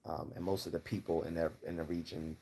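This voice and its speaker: His voice sits low with little pitch movement, creaky, warm and slightly rough, and he talks fairly quickly. This Baltimore-accented man hosts a livestream Q&A, rambling casually through viewer questions with many fillers and restarts.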